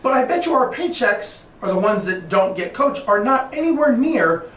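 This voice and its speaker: A man speaking as a podcast guest, lively and animated, with a melodic voice that rises and falls a lot. He restarts and repeats phrases as he talks. The room rings with echo, and he sits a little away from the microphone. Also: very high voice, recorded from a distance, a little hiss or hum. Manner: animated storyteller, quick restarts and repetitions. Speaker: podcast guest, entrepreneur and business coach. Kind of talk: casual podcast conversation. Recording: echoey room, voice a bit off-mic.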